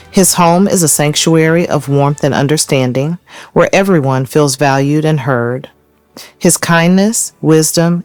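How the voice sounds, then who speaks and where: A measured, formal narrator delivers a scripted tribute in a solemn tone. The voice sits at a middle pitch. Soft music plays underneath.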